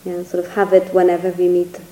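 A woman's voice: on the low side, completely flat delivery, fast, warm tone, roomy sound, poor audio. Reflective woman giving a dharma talk. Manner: reflective, searching, hedges with "sort of". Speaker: Buddhist teacher.

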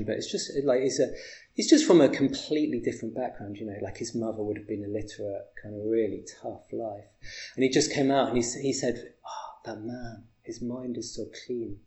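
A man telling rambling anecdotes in a casual conversation, halting often with fillers and restarts. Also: medium pitch, warm tone, roomy sound. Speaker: interviewer.

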